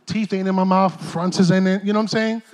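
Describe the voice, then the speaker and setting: A middle-aged man, preaching a sermon from a church stage in an animated, joking, streetwise way. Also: high-pitched, quick pace. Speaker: pastor.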